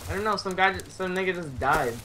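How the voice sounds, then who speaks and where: A man's voice: sits high, a little fast, pushed and bright, slight background noise. A man chatting while gaming with friends, hyper and jokey, swearing freely. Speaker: friend in the game. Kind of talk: casual gaming chat.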